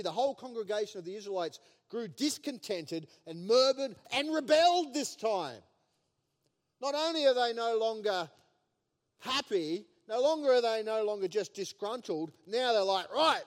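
A man with a notably high voice preaches a sermon in a big hall, where a long reverb lingers after his words. He tells the story with animation and tosses in playful asides.

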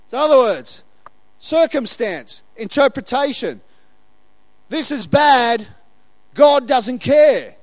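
A man preaching as pastor in a conversational, animated way, often laughing and acting out quoted lines. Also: very high-pitched, dry recording. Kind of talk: sermon.

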